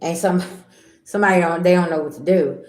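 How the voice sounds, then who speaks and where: A woman's voice: lowish voice, fairly quick, a little mellow, roomy sound. A middle-aged woman giving a casual tarot reading, blunt and repetitive, talking straight to her viewers. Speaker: tarot reader.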